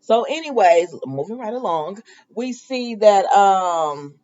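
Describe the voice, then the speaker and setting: A woman casually recapping soap episodes, chatty and animated, acting out the characters' lines. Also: mid-range voice, slow, highs cut off. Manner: animated, laughing, acts out quotes. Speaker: soap opera recap vlogger.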